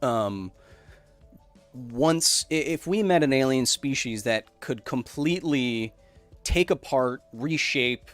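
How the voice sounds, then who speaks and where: A man's voice: mid-range voice, lively intonation, slow, soft background music. A young man hosting a casual science livestream, answering viewer questions in a loose, rambling way that keeps breaking off and restarting. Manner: rambling, self-interrupting, loose explanations. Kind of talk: casual live chat, reading viewer messages.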